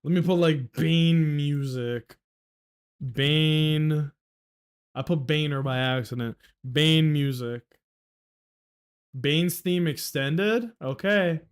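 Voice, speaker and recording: A young man chatting casually on a livestream, excitable and swearing, with sudden loud outbursts. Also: on the high side, slow pace, pauses often, smooth. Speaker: streamer.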